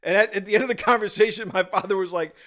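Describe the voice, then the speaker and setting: A man with a notably high-pitched voice co-hosts a relaxed chat. He tells stories loosely and keeps breaking into laughter mid-sentence. His tone is easygoing. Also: very fast. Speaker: podcast co-host. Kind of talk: casual chat.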